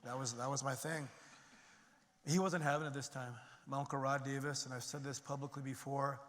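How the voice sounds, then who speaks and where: In a large, echoing hall, a middle-aged man shares the story of his recovery. His mid-range voice is level and fairly bright, moving a little fast, and his testimony is conversational, full of fillers and restarts.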